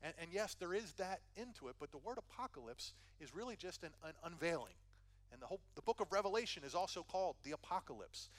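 A man teaching a sermon in a relaxed, conversational way, with a slightly high voice. He is earnest and explains as he goes, often restarting a phrase and tossing in a quick "right?" to his listeners. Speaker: pastor.

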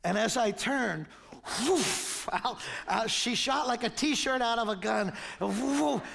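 A man in his sixties, a pastor, preaching a sermon and telling a lively story. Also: very high-pitched, slow pace, vocal fry. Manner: animated storyteller, acts out voices in anecdotes.

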